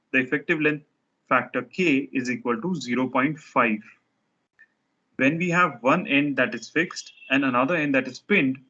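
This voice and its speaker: A man's voice: medium pitch, sharp tone, highs cut off. A man teaching a structures lecture, explaining step by step while he sketches diagrams, often restarting his sentences.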